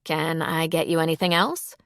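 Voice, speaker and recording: A woman's voice: low-pitched, steady tone, moderate pace, creaky, fairly bright tone, dry recording. A woman voicing a sly, guarded bartender. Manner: dry, knowing.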